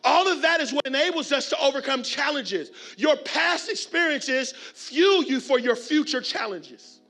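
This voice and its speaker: A man delivering a motivational keynote to a conference crowd, preacher-style, with call and response and shouted refrains. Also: extremely high pitch, animated, normal speed, soft background music. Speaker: keynote speaker. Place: large conference hall with audience.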